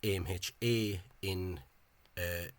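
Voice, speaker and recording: A man giving an informal spoken lecture over on-screen examples. He talks in a halting, hesitant way and is openly scornful of the official spelling. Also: low voice, steady tone. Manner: hesitant and halting, with frequent pauses and restarts. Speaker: language enthusiast presenting a video lecture.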